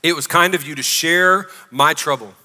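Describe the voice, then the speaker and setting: A man's voice: fairly high pitch, normal speed, pushed and bright. A man preaching a sermon as pastor, emphatic and calling out to his congregation. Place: church sanctuary. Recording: long reverb of a church hall.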